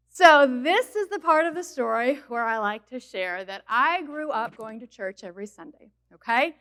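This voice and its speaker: A woman in her forties from Minnesota speaks at a college chapel, sharing her own story of moving south and coming to faith. She tells it like a conversation, lively and direct, with asides to the audience, in a fairly high voice. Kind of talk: personal testimony talk.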